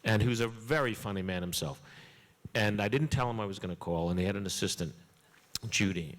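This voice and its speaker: A man who is a comedian guest, telling an anecdote in a chatty, animated way with frequent fillers. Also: on the low side, a little fast, in a large hall. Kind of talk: storytelling anecdote.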